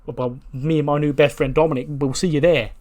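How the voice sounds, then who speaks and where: A man's voice: fairly high pitch, steady tone, fairly quick, a little mellow, voice pushed up, lightly acted. A man voicing a cocky male wrestler who taunts a rival in a mocking tone. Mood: smug. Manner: mocking and boastful.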